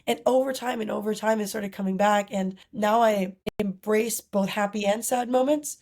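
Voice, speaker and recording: A woman's voice: mid-range voice, fairly quick, few pauses, a little mellow. A young woman from Costa Rica, a podcast guest, talking in an earnest, thoughtful way with frequent "you know" and "like". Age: young adult. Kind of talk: reflective conversational interview.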